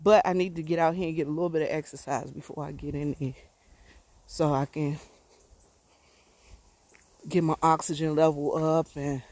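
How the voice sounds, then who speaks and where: A woman's voice: low voice, fairly even intonation, normal speed, long pauses, darkish tone. A woman talking casually to viewers on a phone while walking outdoors, a bit out of breath and folksy and preachy in manner. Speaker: vlogger. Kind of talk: casual livestream walking talk. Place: outdoors on a rural road.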